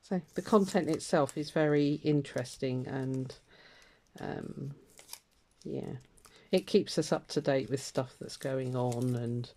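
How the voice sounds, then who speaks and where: A woman's voice: very deep voice, slow, darkish tone. An older woman, chatting casually in a rambling way while doing her sewing, full of fillers and little laughs. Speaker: craft vlogger. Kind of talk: casual chat while stitching.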